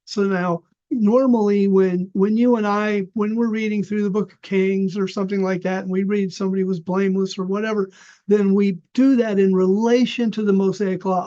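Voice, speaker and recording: A man's voice: high-pitched, little pitch movement, normal speed, mellow. An older man teaching an unscripted Bible study lecture, explaining with fillers and restarts. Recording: dull lo-fi recording.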